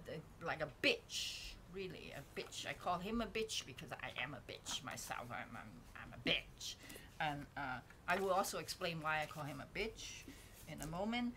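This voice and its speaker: Woman, vlogger, candid rambling talk, lowish voice, dedicated mic, faint background hiss. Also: bright, forceful tone. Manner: rambling, candid and self-reflective, with frequent restarts. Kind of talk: casual talking-head reflection. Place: indoors at home, painting behind her. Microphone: dedicated microphone.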